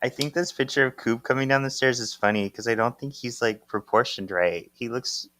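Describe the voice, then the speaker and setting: A man's voice: fairly quick, a bit bright, no echo. A man co-hosting a podcast, casually recapping a comic and voicing its characters' lines. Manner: reads comic dialogue aloud, acting out characters with big swings up in pitch. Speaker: podcast co-host.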